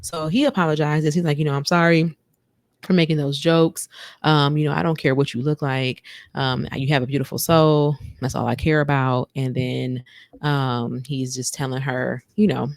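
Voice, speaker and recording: A woman hosting a podcast, recapping a show in a chatty, animated way. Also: sits low, normal speed, dry recording, clean studio sound. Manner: chatty, animated, breaks into sung bits and mock quotes. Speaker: podcast host. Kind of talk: casual recap chat.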